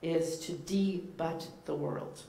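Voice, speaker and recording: Low-voiced woman with a Boston accent. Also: fairly even intonation, takes it slowly, vocal fry, dark tone. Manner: playful, teacherly, with frequent ums and uhs. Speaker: guest rabbi speaker. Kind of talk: informal sermon to a congregation. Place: church sanctuary. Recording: echoey room, faint background noise.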